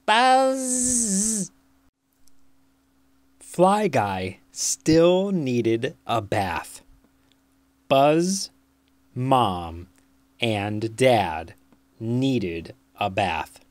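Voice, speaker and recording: A storybook reader takes their time over every phrase, reading for young children. The pitch rises and falls in wide, lively swings. The recording is dry and close, with no room sound. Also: no echo. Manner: very slow, deliberate and expressive. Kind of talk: read-aloud storytelling.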